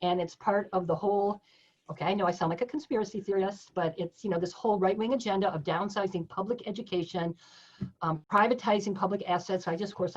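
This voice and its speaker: A woman giving a frank, self-deprecating personal account on a video call, with halting phrasing. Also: on the low side. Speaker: reunion guest. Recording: dull video call audio.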